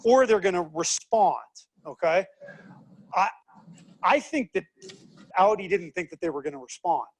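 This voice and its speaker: A man giving a lively seminar talk, questioning the audience and acting out quoted voices. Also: high voice, measured pace, long pauses. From United States. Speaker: speaker teaching leadership.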